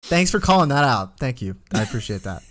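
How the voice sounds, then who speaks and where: Young guy podcast cohost rambling thru a story, lots of restarts, mid pitch. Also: brisk. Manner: rambling storyteller, many restarts, animated when quoting himself. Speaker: podcast co-host. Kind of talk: casual chat.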